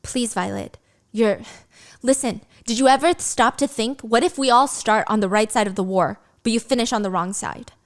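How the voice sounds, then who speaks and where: A woman voicing a soft-spoken young warrior man. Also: normal speed, lightly acted. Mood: pleading. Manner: soft, low, apologetic. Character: young male warrior, guarded, pleading softly.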